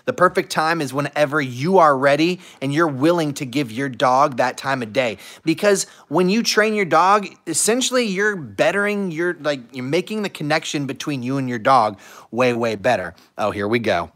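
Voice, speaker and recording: A young man hosting a casual livestream, chatting playfully and talking softly to his pets between answers. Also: a little high, lively intonation, normal speed. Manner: playful, talks to his pets in soft baby talk and voices their thoughts. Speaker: livestream host with dogs.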